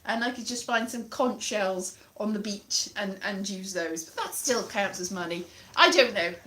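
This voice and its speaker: A woman's voice: mid-range voice, expressive, normal speed, bright, forceful tone. A woman chatting casually on a livestream from her parents' living room, rambling and poking fun at herself as she greets viewers in the chat. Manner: rambling, self-deprecating, greets chat mid-sentence. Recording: roomy echo.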